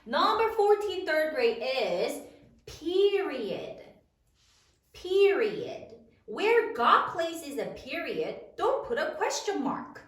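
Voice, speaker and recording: A woman teaching a spelling lesson to young children, sounding out each word slowly in a sing-song teacher voice. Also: high-pitched, sing-song, roomy sound, far from the mic.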